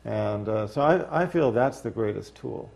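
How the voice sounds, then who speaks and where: A man speaking as an interview guest, reflective and unhurried, with dry humor and frequent fillers. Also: on the low side, expressive, creaky, a little mellow. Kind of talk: casual interview talk.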